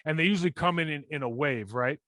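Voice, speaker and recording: A man in his forties co-hosting a casual sports podcast, animated and breaking down plays in detail with many restarts. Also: on the high side, fast. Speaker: podcast co-host, former NFL lineman.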